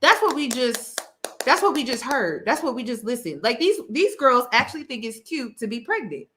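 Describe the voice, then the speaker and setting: A woman's voice: fairly high pitch, big pitch swings, normal speed, noisy background. A woman hosting a casual commentary and talking straight to her viewers, emphatic and often repeating her key phrases for weight. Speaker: host.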